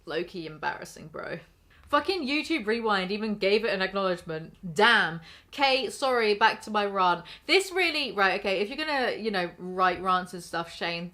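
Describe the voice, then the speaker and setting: A woman's voice: medium pitch, sharp tone. Young woman, commentary rant: sarcastic, blunt, swears a lot, mid-range voice. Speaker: commentary YouTuber.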